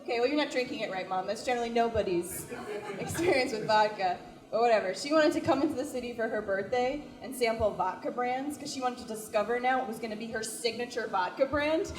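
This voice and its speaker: A young woman doing stand-up comedy in a small, echoey venue, her voice sitting fairly high. She talks in a chatty, self-deprecating way and fills her sentences with "like". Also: fast.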